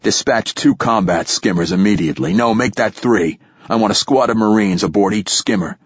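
A man's voice: on the low side, moderate pace, husky, no room sound, highs cut off. A man doing a blustering, foul-mouthed base commander. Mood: angry. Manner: blustering, rising to shouting when angry.

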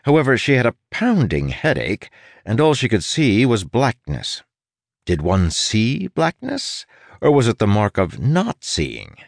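Low-voiced man reading an audiobook. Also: gravelly, dry recording, studio quality. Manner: wry, playful asides. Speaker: audiobook narrator. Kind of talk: scripted narration.

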